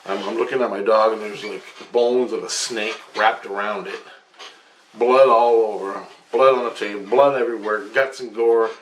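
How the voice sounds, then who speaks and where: A man's voice: fairly low pitch, fairly even intonation, normal speed. Man swearing through a rambling dream story. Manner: profane, agitated storytelling. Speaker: vlogger recounting dreams. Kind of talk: rambling casual monologue. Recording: echoey room with faint noise.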